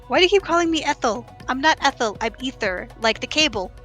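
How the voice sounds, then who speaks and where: Woman stream guest, bright, slightly high, wry. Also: animated, faint music behind. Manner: quick, wry quips. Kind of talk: casual gaming stream chat.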